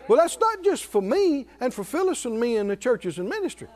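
An older male pastor preaching to his congregation. His voice sits high and swings widely in pitch. He rises to loud exclamations, then sinks to low, quiet asides. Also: very animated, a little fast, few pauses, some chatter behind. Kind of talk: sermon.

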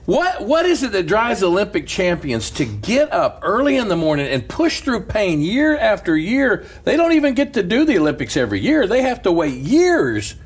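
Husky kinda high-voiced preacher guy, swoops all over, laughs a lot chatting. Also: moderate pace, hardly any pauses. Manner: animated, laughing storyteller. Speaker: pastor. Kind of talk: casual storytelling chat.

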